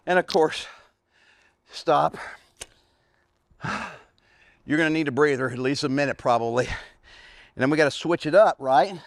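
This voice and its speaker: A man's voice: on the high side, normal speed, long pauses, dry recording, studio quality. A man in his forties, a fitness coach, talking casually while demonstrating heavy carrying exercises outdoors, out of breath, grunting and sighing with effort between sentences. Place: outdoors in a backyard.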